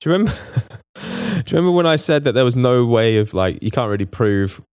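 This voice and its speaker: A man's voice: medium pitch, animated, fairly quick, a little mellow, smooth, no room sound, studio quality. A man co-hosting a casual football podcast, chatting and reading out listener emails. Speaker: podcast co-host. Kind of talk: casual chat.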